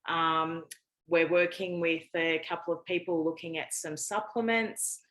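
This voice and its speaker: A woman's voice: low-pitched, fairly even intonation, unhurried, a bit bright, low-quality recording. A woman from Australia with an Australian accent, a podcast guest talking in a chatty, frank way with lots of fillers. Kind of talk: casual interview chat.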